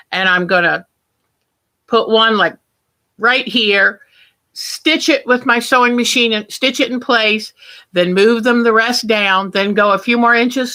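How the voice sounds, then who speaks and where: Woman, livestream quilting host, unhurried delivery, crisp bright tone, chatty and self-interrupting. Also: on the high side. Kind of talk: casual livestream chat and demonstration.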